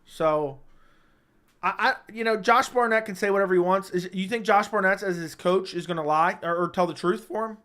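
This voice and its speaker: A man hosting a casual livestream chat, talking in an animated, emphatic way, repeating himself and swearing freely. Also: high voice, moderate pace. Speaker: livestream host. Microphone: studio microphone.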